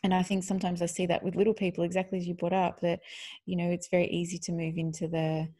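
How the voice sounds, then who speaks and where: Husky-voiced woman podcast co-host. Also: on the low side, fast. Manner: animated storyteller, acts out quotes, laughs often. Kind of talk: casual conversational chat.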